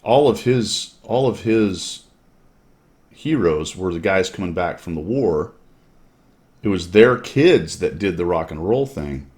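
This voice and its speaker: A man's voice: low voice, lively intonation, slow, a little mellow. A middle-aged man hosting a streamed chat, talking in a rambling, self-correcting way. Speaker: streamer host. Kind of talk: casual chat.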